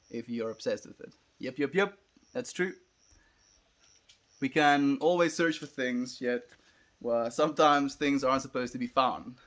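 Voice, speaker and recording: A man's voice: medium pitch, fairly bright tone. A young South African man, an Afrikaans speaker, chatting casually on a livestream and musing as he answers viewers.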